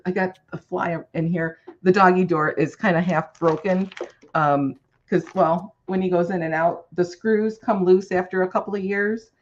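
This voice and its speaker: Low-voiced woman on a muffled call. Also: steady tone, normal speed. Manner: rambling, giggly. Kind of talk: casual chat while crafting.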